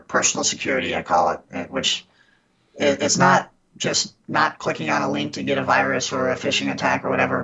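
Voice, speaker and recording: Gravelly-voiced man telling scam stories. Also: medium pitch, highs cut off. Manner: earnest, frequent restarts. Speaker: podcast guest, scam baiter. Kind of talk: casual interview storytelling.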